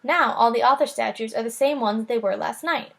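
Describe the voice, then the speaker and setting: A woman voicing an eager, bookish girl of about twelve who talks with quick, knowing enthusiasm in a children's book reading. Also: a little high, creaky, fairly bright tone.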